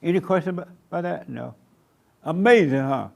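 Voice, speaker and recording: A man preaching a sermon to a small congregation in a church meeting room. He repeats short commands emphatically and slows down to stretch words for emphasis. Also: fairly high pitch, expressive, gravelly, darkish tone. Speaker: pastor.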